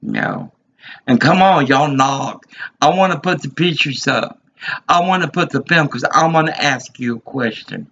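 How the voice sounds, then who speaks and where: A man's voice: fairly high pitch, big pitch swings, measured pace, creaky, pushed and bright. A man in his fifties giving an agitated, rambling monologue, repeating himself as he vents. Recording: dull lo-fi recording.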